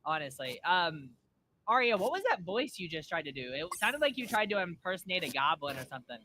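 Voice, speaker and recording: A man live streaming a game, excitable and chatting with his AI co-host. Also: high voice, fairly quick, slight background noise. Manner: excitable, laughing.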